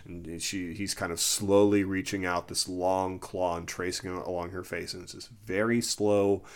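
A man's voice: deep voice, moderate pace. A man co-hosting a casual movie discussion, swearing freely and acting out scenes as he talks. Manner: animated, swearing, acts out scenes.

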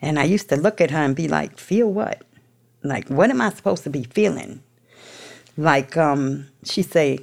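A woman's voice: low voice, darkish tone. A woman with a New York accent telling her recovery story candidly, in a blunt, profane, street-tough way. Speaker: speaker sharing a recovery story.

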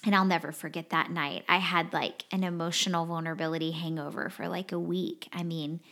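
A woman's voice: on the low side, fairly even intonation, fairly quick, a bit bright. A woman co-hosting a podcast in casual, heartfelt conversation, earnest and emphatic, often repeating her key phrases. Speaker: podcast co-host.

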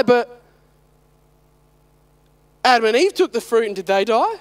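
A man's voice: very high voice, expressive, moderate pace, long pauses. A man in his thirties, a father, preaching a sermon with emphatic rhetorical questions.

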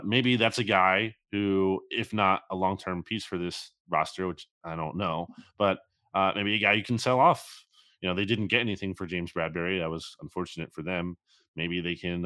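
Podcast co-host, male, very low voice, dry close mic, hesitant thinker. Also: moderate pace, bright, forceful tone, no room sound. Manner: hesitant, many fillers and restarts, thinks aloud. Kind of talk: casual sports chat.

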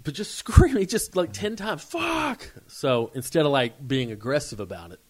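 A man in his forties, co-hosting a podcast, telling a story in a casual, animated way and acting out the shouts. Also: medium pitch, moderate pace. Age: 40s. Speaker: podcast co-host.

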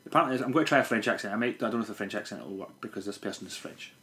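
A man's voice: fairly low pitch, very fast, sharp tone, slight background noise. A man co-hosting a podcast, making dry, wry remarks and reading an email aloud. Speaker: podcast co-host. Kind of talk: casual chat and reading listener email aloud.

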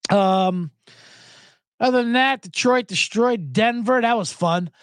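A man hosting a casual sports podcast, talking in an animated, profane way and jumping between topics with loud mocking impressions. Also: high-pitched, takes it slowly, smooth, no room sound. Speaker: podcast host.

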